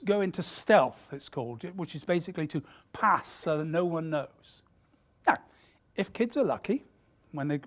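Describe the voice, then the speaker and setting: Deep-voiced woman giving a keynote. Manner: emphatic and candid, with quick asides. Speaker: keynote speaker. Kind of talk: corporate keynote talk.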